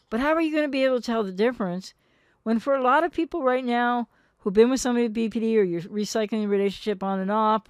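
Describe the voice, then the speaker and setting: A woman in her sixties, a therapist, giving earnest, gentle advice straight to her viewers and acting out quoted partners now and then. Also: mid-range voice, no room sound, studio quality.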